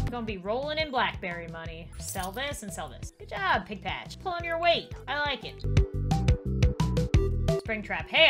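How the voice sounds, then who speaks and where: A young adult woman doing Let's Play commentary, excitable and jokey, scolding and cheering the characters in her game. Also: mid-range voice. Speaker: gaming YouTuber. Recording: game music behind.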